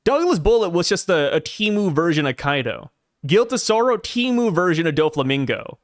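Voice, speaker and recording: A man's voice: fairly high pitch, big pitch swings, normal speed, dry recording, clean studio sound. A man co-hosting a podcast, chatting casually and animatedly about manga, sometimes reading panel dialogue aloud. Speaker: podcast co-host.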